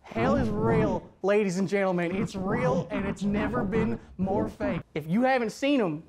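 A woman's voice: medium pitch, moderate pace, crowd noise, close to an everyday voice. A woman voicing a brash, boastful American patriot in an exaggerated Southern accent. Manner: boastful, whooping, rambling.

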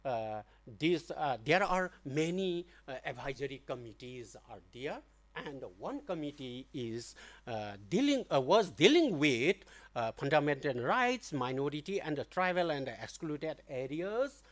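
A middle-aged man giving an academic lecture, deliberate and halting, with many fillers and restarts. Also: on the high side, very animated. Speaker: guest lecturer. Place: lecture hall.

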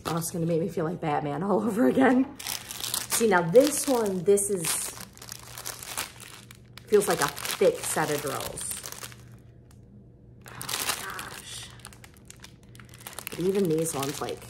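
A woman vlogging as she unboxes craft kits, gushing with bubbly excitement and lots of fillers. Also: fairly low pitch, a little slow, gravelly, long pauses, background noise. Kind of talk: casual unboxing chat.

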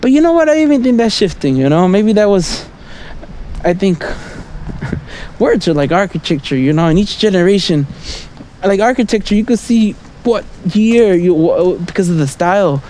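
A vlogger with a high but mellow voice rambles through a casual monologue while walking a city street at night, animated and at a moderate pace. He keeps checking in with "right?" and "you know?" and chuckles between thoughts, with faint traffic humming behind him.

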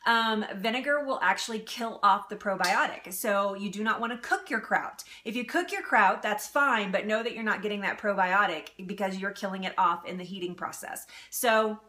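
Bright-voiced chatty woman streaming live. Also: mid-range voice, moderate pace, few pauses. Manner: chatty, laughs often, reads out viewer comments. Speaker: live-stream cooking host. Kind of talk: casual live-stream chat. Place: home kitchen.

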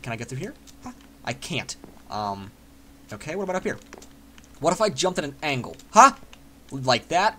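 A man giving casual let's play commentary, excitable and self-mocking, swearing freely as he plays. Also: on the high side, slight background noise. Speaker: gaming channel host.

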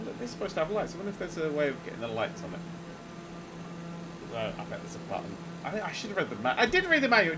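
A man giving excitable, sweary, laughing running commentary while playing a game. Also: a little high, background noise. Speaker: gaming video host. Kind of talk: casual let's-play commentary.

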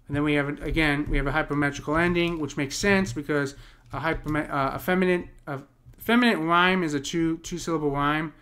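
A fairly high-pitched American man speaks a little fast, his tone steady, bright and forceful. As a poetry teacher in a casual screen-share lesson on poetic meter, he thinks aloud with frequent fillers and restarts.

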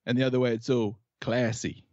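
This New Zealander, speaking with his home accent, has a medium-pitched, slightly mellow voice with a level tone and a brisk delivery. The recording is muffled, with no room sound. Appearing as a podcast guest, he keeps the casual chat playful, joking around, riffing and going back over his own lines.

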